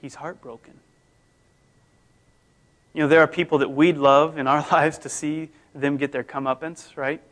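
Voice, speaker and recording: A man preaching a conversational sermon, his voice swinging between loud emphasis and near-hushed tones. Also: fairly high pitch, level tone, moderate pace, long pauses. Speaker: pastor.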